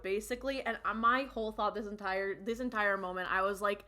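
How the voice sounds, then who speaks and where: A woman co-hosting a podcast in casual chat, reacting with excitable, slangy outbursts. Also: mid-range voice, a little fast. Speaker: podcast co-host.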